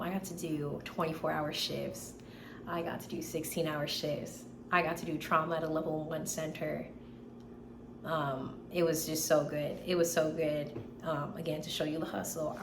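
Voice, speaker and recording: A young woman in her twenties tells stories in a loose, animated way, piling up "like" and repeats. Her voice sits a little low and sounds tired, since she is still getting over being sick. She is recorded in a roomy, echoey space with a faint hiss behind her. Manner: animated storytelling, lots of "like" and repeats. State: tired and recovering from illness. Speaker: medical student vlogger. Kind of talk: casual chat.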